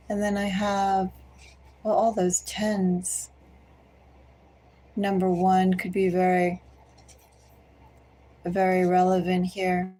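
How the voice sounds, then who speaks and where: A woman giving a collective tarot reading, speaking slowly and deliberately and repeatedly addressing the listener by star sign. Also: medium pitch, level tone, mellow, low-quality recording. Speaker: tarot reader.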